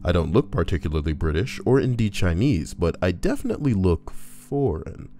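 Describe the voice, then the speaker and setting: Low-voiced man joking over stories. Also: very animated, moderate pace, warm tone. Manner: crude, joking asides. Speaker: YouTuber reading Reddit posts. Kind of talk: comedic reading with commentary. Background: faint background music.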